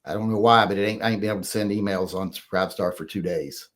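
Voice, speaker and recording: A man's voice: lowish voice, fast. A middle-aged man with a drawl, hosting a casual livestream and reading chat, blunt and opinionated.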